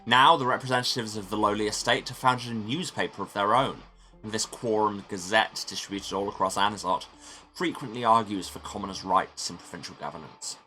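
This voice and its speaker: A man's voice: fairly low pitch, brisk, sharp tone, faint music behind. A tired man streaming a game, reading its narration aloud with dry asides. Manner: dry, self-deprecating asides. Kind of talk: playthrough narration.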